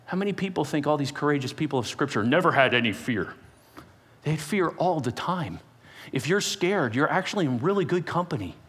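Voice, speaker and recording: Man preaching a sermon, lively storyteller, voice a bit high, long echo of a big church hall. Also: fairly quick, husky. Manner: animated storytelling, acting out characters with big pitch jumps. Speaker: pastor.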